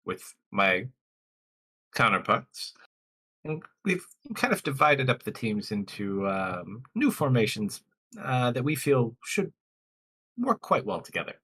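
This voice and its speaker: A man voicing a formal, fussy male guildmaster in a tabletop game, halting with many ums and uhs. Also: mid-range voice, very animated, sharp tone, husky, full character voice.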